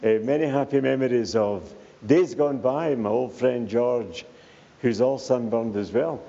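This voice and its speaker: A man's voice: mid-range voice, a little slow, vocal fry, dark tone. An older man, a visiting evangelist, greeting a church congregation with jokes and tagging his remarks with "eh?". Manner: jokey, tags remarks with "eh?". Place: church hall. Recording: echoey hall, muffled sound, faint background noise.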